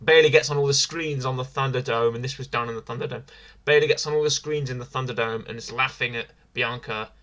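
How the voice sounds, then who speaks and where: A man with a bright, forceful voice talks through a wrestling review in loose, casual podcast chat. He circles back on his own phrases, restarting and repeating as he goes. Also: mid-range voice, fairly even intonation, quick pace, few pauses. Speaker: podcast co-host.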